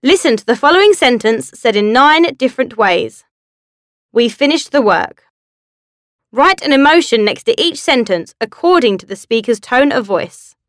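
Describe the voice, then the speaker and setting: Woman reading lesson instructions, kinda high voice, no room echo at all. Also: moderate pace, hardly any pauses, studio quality. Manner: clear, even instructional reading. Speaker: language course narrator. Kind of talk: scripted educational narration.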